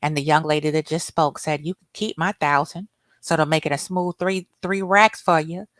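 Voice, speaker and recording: A woman's voice: deep voice, fairly even intonation, normal speed, dry recording. A woman hosting a commentary rant, blunt and profane as she reacts to clips. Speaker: commentary host.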